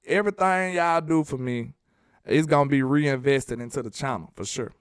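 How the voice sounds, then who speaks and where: A man from Alabama, hosting a casual sports live stream, reading viewer messages and joking in a sing-song, animated way. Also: medium pitch, normal speed, clean tone, dry recording, studio quality.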